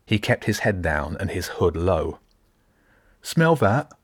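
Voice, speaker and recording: A man narrating an audiobook in a measured, descriptive way. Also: deep voice, slightly rough, dry recording, studio quality.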